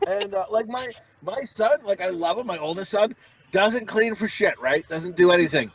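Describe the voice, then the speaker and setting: High, lively-voiced man swearing through stories. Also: normal speed. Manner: rambling, swearing, loud acted-out quotes. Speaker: podcast co-host. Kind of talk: casual comedic chat.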